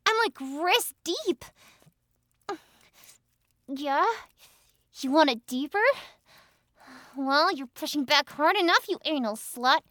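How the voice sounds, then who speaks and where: A woman playing a bright, mocking, domineering young woman. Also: high-pitched, animated, slow, long pauses, no echo, clean studio sound, exaggerated voice. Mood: taunting.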